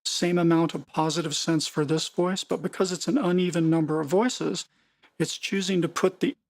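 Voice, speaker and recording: A music production tutor walks through synth settings for a screen-recorded tutorial, speaking in a steady, medium-pitched voice at normal speed. The explanation is casual, with frequent repeated words and mid-sentence self-corrections.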